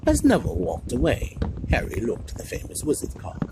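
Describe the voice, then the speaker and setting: A man streaming, reading a storybook aloud in an expressive manner. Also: medium pitch, a little fast. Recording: noisy home stream recording.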